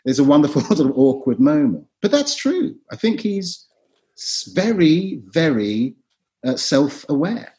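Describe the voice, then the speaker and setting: A middle-aged man, an actor and writer, talking as a podcast guest in an animated, theatrical way. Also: a little high, moderate pace. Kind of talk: podcast discussion.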